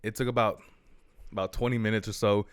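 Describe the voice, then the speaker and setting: A young man co-hosting a podcast, telling a story in casual chat, swearing freely and loudly acting out the people in it. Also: lowish voice, fast talker, clean tone, no room sound. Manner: animated, swears often, acts out dialogue in loud bursts. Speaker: podcast co-host.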